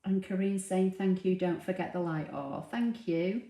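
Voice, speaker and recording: A woman's voice: fairly low pitch, moderate pace, creaky. Chatty woman, roomy room sound. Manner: chatty, relaxed, with frequent ums and laughs. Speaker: craft livestream host. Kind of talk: casual live chat, reading viewer comments aloud. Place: home room with a dog nearby. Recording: roomy, echoey home recording.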